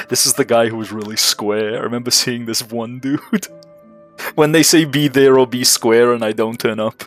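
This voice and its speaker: A man's voice: medium pitch, steady tone, unhurried, pauses often, fairly bright tone. A man giving casual, joking gameplay commentary on a stream, swearing and laughing as he talks. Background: faint game music.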